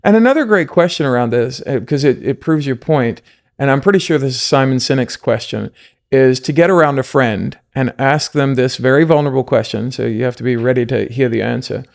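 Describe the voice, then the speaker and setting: A man's voice: mid-range voice, fairly quick, gravelly. A man from South Africa, a podcast guest, talking earnestly and from the heart in a coaching tone. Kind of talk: casual podcast conversation.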